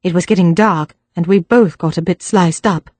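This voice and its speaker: A woman's voice: lowish voice, moderate pace, darkish tone, dry recording, lightly acted. Lady doing a chipper young gent, old-timey slang, dry close sound. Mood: earnest. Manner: jaunty, old-fashioned slang. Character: cheerful young English gentleman, plucky.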